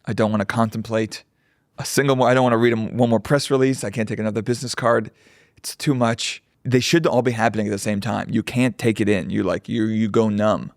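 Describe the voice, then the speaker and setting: A man's voice: on the low side, fairly even intonation, a little fast, no room sound, studio quality. A man co-hosting a podcast in casual comedic chat, riffing with wry jokey asides. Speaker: podcast co-host.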